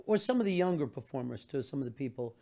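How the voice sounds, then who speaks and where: A man's voice: medium pitch, expressive, fast, creaky, warm tone. An older man hosting an interview, easygoing, laughing along and asking long questions. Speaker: interviewer host. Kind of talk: casual interview chat.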